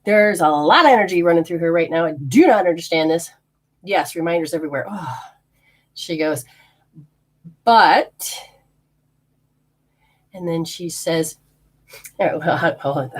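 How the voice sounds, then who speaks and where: A woman's voice: lowish voice, animated, moderate pace, pauses often, breathy edge. A woman hosting a casual live spirit reading, rambling, laughing often and acting out what the spirits say. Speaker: spiritual healer and medium.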